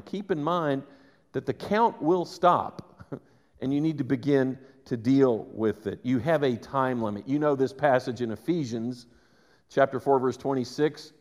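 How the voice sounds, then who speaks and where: A man preaching a sermon, conversational and animated, with quick asides to the congregation. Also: medium pitch. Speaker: pastor. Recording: reverberant church hall.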